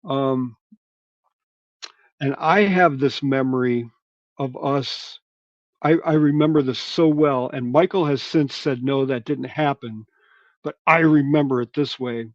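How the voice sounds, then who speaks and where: A man's voice: medium pitch, a little slow, no room sound, lo-fi sound. A middle-aged man telling loose, rambling stories from his band days in casual chat, swearing freely. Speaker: guest musician. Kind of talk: casual storytelling.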